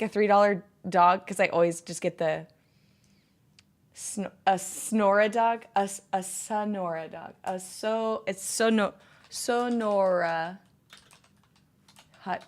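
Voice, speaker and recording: A woman's voice: medium pitch, moderate pace. Chatty woman in her thirties, rambling. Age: 30s. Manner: rambling, heavy use of "like". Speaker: livestreamer chatting with viewers. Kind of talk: casual stream chat.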